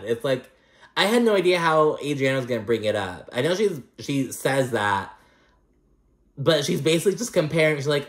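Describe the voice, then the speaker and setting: A man's voice: mid-range voice, moderate pace, roomy sound. A man giving a casual, gossipy recap of a reality show, chatty and profane with lots of fillers.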